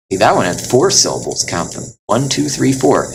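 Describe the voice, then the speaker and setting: A man teaching Latin in a recorded lesson, explaining step by step with many fillers and slowing down to spell out words. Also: mid-range voice, expressive, creaky, a little hiss or hum, rough recording.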